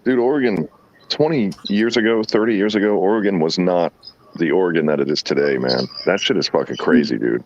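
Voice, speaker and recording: Very deep male caller, loose swearing ramble, lo-fi hiss. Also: fairly quick. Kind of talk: casual group chat.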